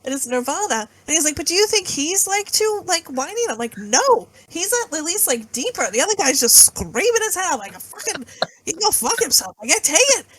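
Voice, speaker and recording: A woman's voice: very high voice, big pitch swings, fairly quick, fairly bright tone, no echo. A young woman co-hosting a comedy podcast, telling rambling blunt stories full of filler words. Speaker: podcast co-host. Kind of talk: casual storytelling chat.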